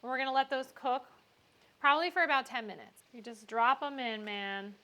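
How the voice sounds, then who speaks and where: A woman's voice: sits high, fairly quick, bright, forceful tone. A woman hosting a casual home cooking vlog, talking in a bubbly, chatty way into a clip-on mic. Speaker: home cook host.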